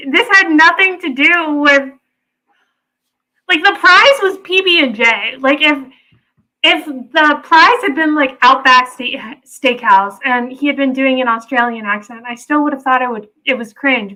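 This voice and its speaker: Bright, high-voiced young woman. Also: a little slow, poor audio. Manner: hesitant, trails off with "so". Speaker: podcast co-host. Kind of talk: casual recap chat.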